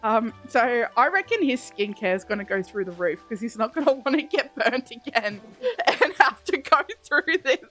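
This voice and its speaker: A woman's voice: on the high side, sing-song, moderate pace, sharp tone, soft background music. A woman from Australia with an Australian accent, streaming and chatting playfully, laughing often. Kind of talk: casual chat while gaming. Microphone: desk mic.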